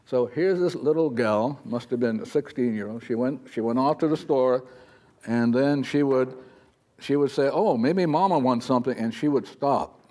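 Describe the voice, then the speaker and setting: A man speaks to a live audience in a mellow, warm tone, drifting from thought to thought. He sounds chatty and informal, often slipping into small acted-out voices to make his point. His pitch sits in an ordinary middle range. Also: normal speed. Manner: rambling, chatty, acts out little quoted voices. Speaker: spiritual teacher. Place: talk in front of an audience.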